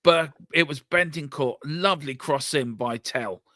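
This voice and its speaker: A man co-hosting a football watchalong, calling the play excitedly, joking and swearing at big moments. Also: a little high, unhurried, no room sound. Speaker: watchalong co-host. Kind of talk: excitable live match commentary.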